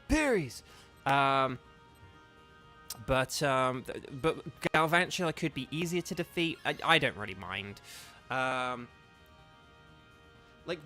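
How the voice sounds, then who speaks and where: This man from England speaks on the high side, with a pushed, bright quality. Chatting to his audience during a gaming livestream, he wanders off topic often, peppering his speech with fillers and false starts.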